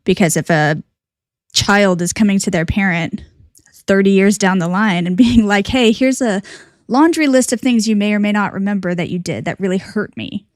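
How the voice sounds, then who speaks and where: A woman's voice: medium pitch, moderate pace, no echo, studio quality. A woman talking candidly on a live stream, conversational with many fillers. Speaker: reaction streamer. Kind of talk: casual live stream commentary.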